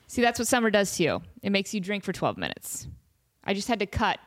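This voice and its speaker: A woman's voice: mid-range voice, huge pitch swings, a little fast, a little hiss or hum. A young woman hosting her podcast who rambles on in a casual, playful way. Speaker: podcast host.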